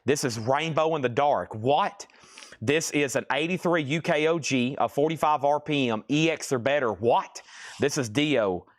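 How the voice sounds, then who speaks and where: A man's voice: medium pitch, moderate pace, hardly any pauses. Chatty man running a live record auction. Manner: chatty, joking, reading out prices and bids. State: out of breath.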